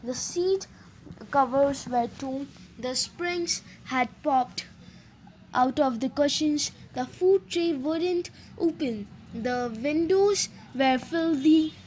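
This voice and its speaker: Woman narrator, children's audiobook, slow and hesitant, high voice. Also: a little mellow, a little hiss or hum. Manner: hesitant, with fillers and slips. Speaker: audiobook reader.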